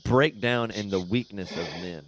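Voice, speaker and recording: A man's voice: lowish voice, normal speed, fairly bright tone, no echo. A man co-hosting a podcast, telling rambling, profanity-laced stories in casual chat. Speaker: podcast co-host.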